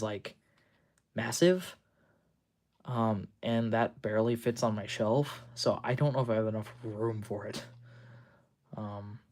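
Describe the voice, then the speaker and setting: A man's voice: mid-range voice, darkish tone. Rambling young man on a hobby livestream. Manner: rambling, full of ums and restarts, fast talker. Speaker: livestream host. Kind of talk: casual livestream chat.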